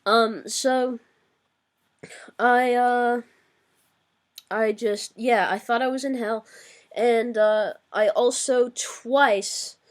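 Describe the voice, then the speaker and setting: A young woman vlogger telling a candid personal story in a rambling way, full of fillers and self-corrections, with a darkly wry tone. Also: mid-range voice.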